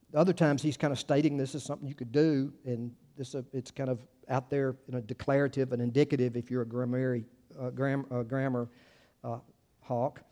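A man's voice: fairly high pitch, dark tone. A man preaching a conversational sermon as a pastor, informal and chatty, with wry asides to the congregation. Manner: informal and chatty, many fillers and restarts.

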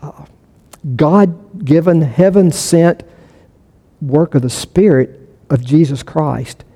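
Male pastor, conversational sermon delivery with repeated phrases, warm tone, church reverb. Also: fairly high pitch, slow. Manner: conversational, with frequent restarts and repetition for emphasis.

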